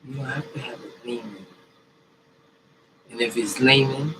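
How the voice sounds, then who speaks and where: A man giving an improvised motivational self-help talk, swinging from mumbled asides to loud chanted commands. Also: mid-range voice, measured pace, pauses often. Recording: distant mic with noisy ambience.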